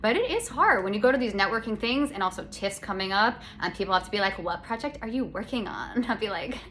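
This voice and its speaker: A woman's voice: mid-range voice, lively intonation, fast talker, fairly bright tone, slight background noise. A young adult woman from Canada, hosting a casual solo podcast chat in a sarcastic, rambling way with lots of self-corrections. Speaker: podcast host. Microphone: phone.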